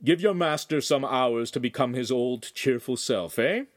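A man voicing a calm, fatherly older male priest who soothes and preaches, in an audiobook. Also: medium pitch, normal speed, no room sound, studio quality, pitched above the performer's own voice, natural voice. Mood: soothing.

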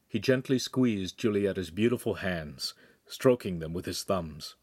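A man reading a young adult novel aloud in calm, scripted narration. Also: on the low side, normal speed, dry recording, studio quality. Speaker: audiobook reader.

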